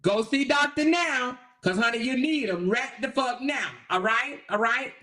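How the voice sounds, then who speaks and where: A brash woman with a slightly high, fairly bright voice rants unhurriedly on her own livestream, combative and swearing freely. She speaks straight to her viewers, checking in with them over and over with "okay?"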